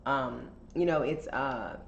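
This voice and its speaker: A courteous, eager artsy man, as a woman quotes him in her low voice, offering help in a mild, pleasant tone. The sound is roomy and a bit dull. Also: slow, gravelly, a little hiss or hum, full character voice. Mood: polite.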